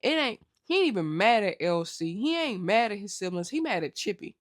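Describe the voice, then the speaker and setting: A woman hosting a casual TV recap vlog, telling the episode in lively slang and acting out the characters' lines. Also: medium pitch, a little fast.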